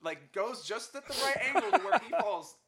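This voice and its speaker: A man's voice: very high voice, sing-song, a little fast, gravelly, over a noisy crowd. A young man in a casual chat, telling a rambling, profane story full of "like". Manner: rambling and profane, heavy use of "like". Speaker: touring band musician.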